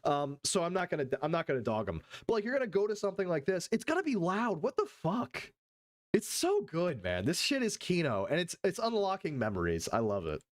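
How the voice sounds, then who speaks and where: A man's voice: high-pitched, wildly swooping pitch, fast, few pauses. A male streamer reacting live to a video, swearing a lot, joking, and jumping between put-on voices. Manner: profane, jokey, jumps between voices.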